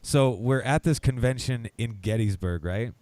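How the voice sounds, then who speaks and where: A man co-hosting a podcast, telling a story in an animated, laughing way. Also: medium pitch, normal speed, no echo. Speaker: podcast co-host. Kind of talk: casual storytelling.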